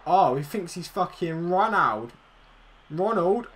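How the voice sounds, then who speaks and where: A young man giving excitable, swearing commentary over his own football video game match, teasing his opponent. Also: high-pitched, slow. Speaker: gaming YouTuber. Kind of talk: live gameplay commentary.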